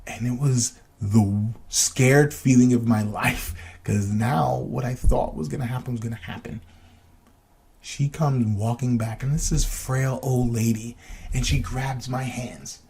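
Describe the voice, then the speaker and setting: A man telling a personal story on his podcast, casual and rambling, with frequent restarts. His voice is mellow and dark in tone and heavily rough and husky throughout. He turns to his listeners with reflective questions. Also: medium pitch, fairly even intonation, a little slow. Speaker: podcast host.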